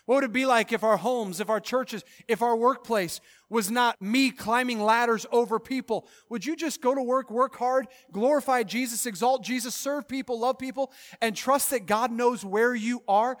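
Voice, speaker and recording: A pastor with a very high voice preaches, his delivery swinging from quiet, hushed moments to loud proclamations he draws out. He also erupts into rapid exhortation.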